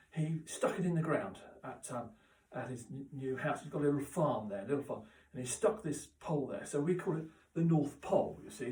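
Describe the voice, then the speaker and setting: A man's voice: medium pitch, mellow. Rambling man in a roomy room. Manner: rambling, halting, full of restarts and asides. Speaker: comic character host. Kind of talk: rambling deadpan comedy monologue. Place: chilly indoor room. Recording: roomy echo, mic at a distance.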